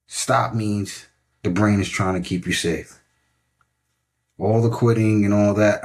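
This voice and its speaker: A middle-aged male coach with a husky, somewhat low voice delivers a motivational podcast talk. He speaks emphatically and repeats his key points, often tagging them with "right?" to check the listener is with him. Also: fairly even intonation, takes it slowly, long pauses, darkish tone. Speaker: fitness coach.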